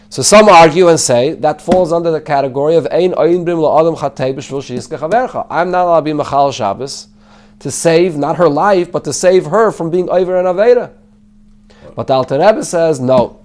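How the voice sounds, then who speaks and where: Male rabbi teaching a Talmud class, slightly raised pitch, translates and explains line by line. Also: darkish tone. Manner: explains in English mixed with Hebrew and Yiddish terms; translates the Aramaic text line by line.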